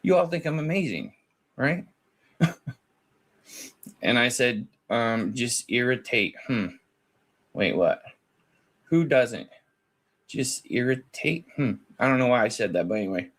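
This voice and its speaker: A man's voice: medium pitch, animated, measured pace, pauses often, a bit bright. A man in casual podcast chat, animatedly retelling a conversation and acting out both sides of it. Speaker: guest recounting a call.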